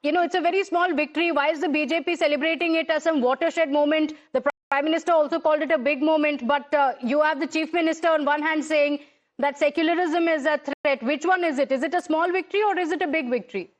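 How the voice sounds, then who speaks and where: A woman's voice: sits high, steady tone, fast talker. A woman news anchor moderating a TV panel debate, pressing panelists with pointed questions.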